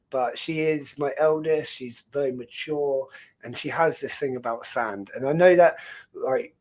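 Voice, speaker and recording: A man, hosting a casual live stream in a rambling, jokey way and laughing often. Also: on the high side. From England.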